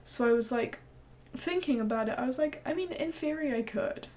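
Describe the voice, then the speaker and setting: A young woman streamer tells a story in casual chat with a high voice at a fairly quick pace. She's animated, swears freely and acts out what people said.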